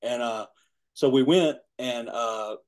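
A man's voice: mid-range voice, takes it slowly, darkish tone. A man in his forties telling a rambling personal story in casual chat, laughing often and saying "man" and "you know". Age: 40s. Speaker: guest.

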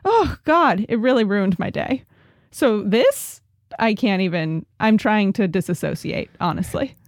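A woman's voice: medium pitch, a little slow, no echo, clean studio sound. A woman co-hosting a podcast, reacting with dramatic, exasperated outbursts and freely swearing. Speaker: podcast co-host. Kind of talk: casual comedic chat.

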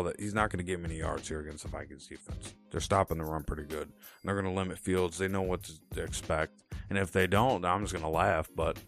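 A man hosting a solo sports podcast, running through picks with punchy, jokey asides. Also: low voice. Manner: animated, punchy pick announcements with jokey asides. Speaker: podcast host.

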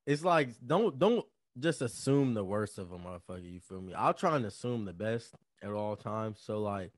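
A man's voice: lowish voice, animated, moderate pace, dry recording. Blunt, profane young man, dry sound. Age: young adult. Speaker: podcast co-host. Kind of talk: casual chat.

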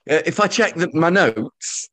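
A man co-hosting a podcast, chatting casually in a deadpan, self-mocking way. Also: fairly high pitch, a little slow. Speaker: podcast co-host. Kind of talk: casual banter.

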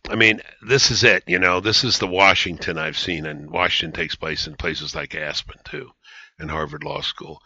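A man's voice: deep voice, creaky, bright, forceful tone, no room sound. A man hosting a podcast, rambling and emphatic in conversational political commentary, with many restarts. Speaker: podcast host. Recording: dry, slightly dull studio sound.

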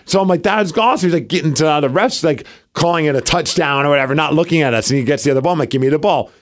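A man co-hosting a podcast, telling a story in an excited, animated way and acting out the quotes. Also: a little high, very fast. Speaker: podcast co-host. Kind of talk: casual podcast chat.

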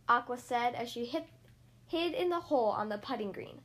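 A woman hosting a podcast where she reads storybooks aloud to young kids, gentle and expressive. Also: fairly high pitch, moderate pace. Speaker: podcast host reading to kids. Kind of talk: children's story read-aloud.

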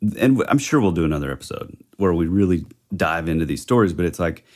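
A man with a low voice chats casually on a podcast. He thinks aloud as he goes, hesitating and filling pauses with "like" and "you know.". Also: animated, darkish tone. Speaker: podcast co-host. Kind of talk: casual chat.

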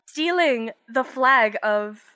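A woman's voice: on the high side, expressive, slow pace, sharp tone, no echo, full character voice. A woman voicing an earnest woman traveler who explains herself at length. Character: wary woman traveler seeking an ally.

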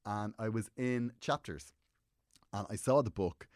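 A man, a comedian, chatting casually on a podcast and telling animated stories that act out the people in them. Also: on the low side, a little slow, no room sound, clean studio sound. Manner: animated storyteller, acts out quotes.

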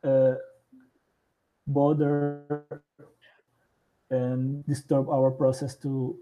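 A man from Brazil with a Brazilian Portuguese accent, speaking English as a second language as a guest, halting and restarting as he searches for words. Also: mid-range voice, monotone, narrow, tinny audio, soft background music. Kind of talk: casual interview conversation.

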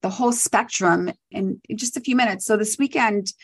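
A young woman co-hosting a podcast, telling stories in chatty, animated casual chat. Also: medium pitch, moderate pace, slightly rough. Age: young adult. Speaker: podcast co-host.

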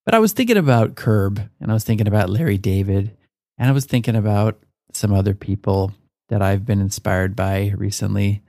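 A man's voice: fairly low pitch, a little fast, warm tone, no room sound, clean studio sound. A man hosting his own podcast, talking in a loose, chatty rant and swearing freely. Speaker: podcast host. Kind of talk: casual solo podcast rant.

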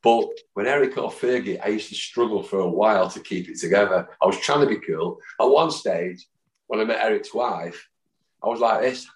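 A man in his fifties, a guest telling rambling, lively anecdotes and mimicking the people in them. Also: on the low side, moderate pace. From Manchester, England. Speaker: podcast guest, football fan. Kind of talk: anecdotal storytelling. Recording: roomy echo.

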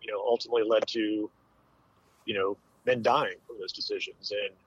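A man in his forties, a military veteran, telling a hard personal story with candid, halting speech and many fillers. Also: fairly low pitch, fairly even intonation, slightly rough, no room sound, lo-fi sound. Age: 40s.

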